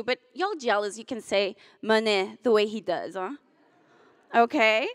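A young graduating student gives a commencement speech in a fairly high voice. She moves between heartfelt, tearful moments and teasing jokes for her classmates. The sound is close and dry. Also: unhurried, dry recording. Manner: emotional, chokes up and laughs through tears, then jokes with the crowd. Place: hotel ballroom.

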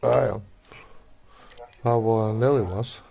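A man's voice: lowish voice, steady tone, unhurried, gravelly, slightly rough. A man streaming a game, bantering and teasing his friends over voice chat. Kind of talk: casual chat. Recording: dull lo-fi voice chat.

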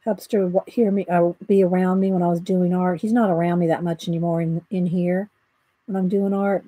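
An artist livestreams from her home art room, chatting casually with viewers while she draws and thinking aloud. Her fairly low, dark voice has a flat delivery and a slightly fast pace. The recording has no echo but poor audio quality.

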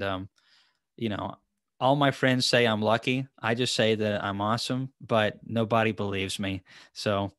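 A man's voice: on the low side, a bit bright, dry recording, studio quality. A man hosting a casual live-stream chat, rambling and chatty, with lots of fillers and restarts. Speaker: host. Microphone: headphones and desk mic.

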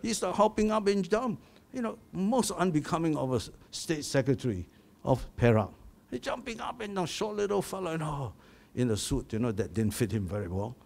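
A man's voice: fairly high pitch, very animated, a little fast, vocal fry, a little mellow. An older man with a Malaysian English accent, giving an anecdotal award speech and chuckling at his own stories.

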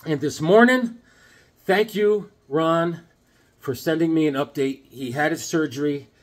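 A man's voice: a little high, unhurried. A middle-aged man vlogging about comic books in a rambling, casual way, often acting out the voices of people in his stories.

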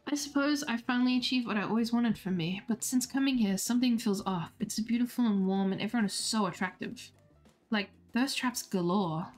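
Woman reading as a soft-spoken giant huntress. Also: fairly high pitch, a little fast, soft background music, lightly acted. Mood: wistful. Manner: gentle reminiscing, no accent put on.

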